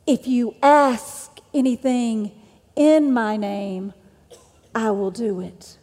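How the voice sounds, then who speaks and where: A woman's voice: on the high side, fairly even intonation, slow, a little mellow, big-room sound. A woman preacher delivering a sermon with an emphatic, repetitive cadence.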